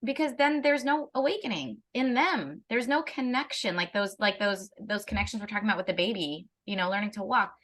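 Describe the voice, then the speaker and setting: A woman's voice: medium pitch, a little fast, few pauses, a bit bright. A woman, a parenting educator, in a casual conversation, talking animatedly with frequent restarts and laughs.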